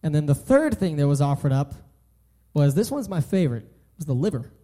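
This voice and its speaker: A man's voice: on the high side, big pitch swings, brisk, mellow. A young man giving an earnest sermon, often restarting and repeating his phrases. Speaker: preacher.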